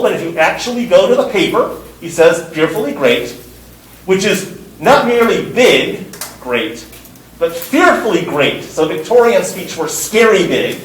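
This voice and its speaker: A man's voice: high-pitched, reverberant, recorded from a distance, low-quality recording. A man teaching a university course, lecturing in an emphatic way and repeating words for stress. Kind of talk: classroom lecture.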